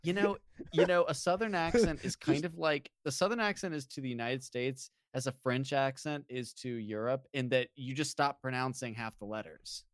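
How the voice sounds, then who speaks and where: A man co-hosting a casual podcast who jokes around with deadpan bits. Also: medium pitch, moderate pace, no room sound. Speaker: podcast co-host.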